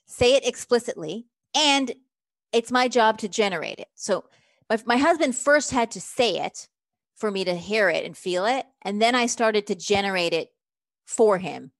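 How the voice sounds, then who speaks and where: A woman relationship coach, speaking as an interview guest, lively and emphatic, acting out quoted lines as she explains her method. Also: on the high side, normal speed, dry recording, studio quality.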